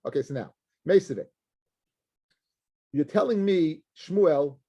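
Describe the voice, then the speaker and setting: Animated man teaching Talmud, husky voice. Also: on the high side, moderate pace, long pauses, muffled recording. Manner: animated, mixes English with Hebrew and Aramaic terms, acts out voices. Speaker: rabbi teaching daily Talmud page. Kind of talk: Talmud class lecture.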